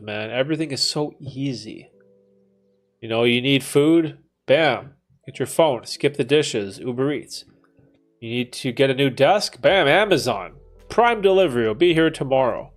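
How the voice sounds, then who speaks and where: Chill young canadian guy on a livestream, slow easy talk, swears a lot, cracks up laughing, soft music in the back. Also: mid-range voice. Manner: laid-back, swearing, bursts into loud laughter. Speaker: livestream host answering chat. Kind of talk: casual livestream chat.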